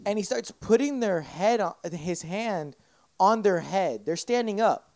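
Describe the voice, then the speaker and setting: A man's voice: high-pitched, measured pace, dry recording, studio quality. A young man, a podcast guest, telling a long story in casual chat, swearing constantly and acting out what people said. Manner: profane, rambling, animated retelling with acted-out quotes.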